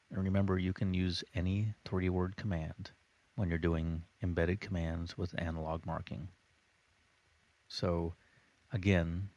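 Deep-voiced man teaching, measured pace. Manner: measured, explanatory, with deliberate pauses. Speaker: instructor. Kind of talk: spoken lesson on persuasion techniques.

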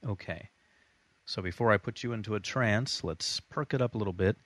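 A man working as a hypnotherapist, giving a calm, deliberate lesson on self-hypnosis. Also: on the low side, no room sound. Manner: calm, deliberate, demonstrates voice changes. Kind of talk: instructional talk on self-hypnosis.

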